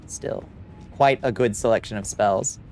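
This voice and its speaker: A man's voice: on the low side, measured pace, darkish tone, a little hiss or hum. A young man streaming a video game live, chatting casually, answering chat and laughing easily. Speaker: VTuber streamer. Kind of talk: live-stream gameplay commentary.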